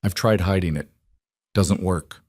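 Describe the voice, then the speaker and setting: A man voicing a poor young frontier woman who talks in a guarded, flat way that rises when she is pressed. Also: deep voice, a little slow, no echo, studio quality. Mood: bitter.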